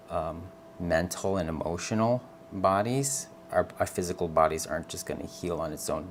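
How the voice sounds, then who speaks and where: A man with a very low voice gives a tarot reading on a live stream. He is earnest and gentle, reassures his listener, calls them honey, and often checks in with "okay?" Faint background noise runs under his voice. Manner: calls the viewer honey and girl. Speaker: tarot reader.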